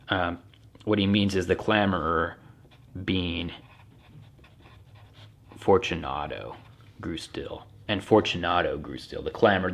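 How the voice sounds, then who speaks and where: A man, a young adult, explaining a text like a teacher in a casual, relaxed way, thinking aloud as he goes. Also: low-pitched. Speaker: English teacher. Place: home.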